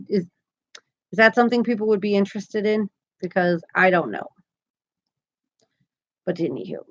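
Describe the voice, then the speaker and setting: A woman's voice: on the high side, a bit bright, highs cut off. A woman hosting a crochet live stream, chatting casually and upbeat, often laughing as she talks. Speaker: crochet channel host.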